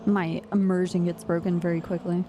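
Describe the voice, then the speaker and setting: A chatty woman streamer talks loosely to her viewers, rambling through stories and breaking into laughs. Her voice sits on the low side, with a faint hiss of noise behind her. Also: flat delivery, brisk, dark tone. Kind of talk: casual chat with stream chat.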